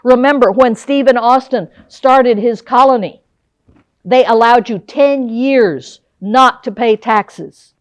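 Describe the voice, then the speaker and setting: An older woman delivers a public history lecture. She talks in a lively way and keeps asking her listeners questions. Her voice sits fairly high, and the sound is dry and close. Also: slow, no room sound. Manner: lively, asks the audience questions. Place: lecture hall.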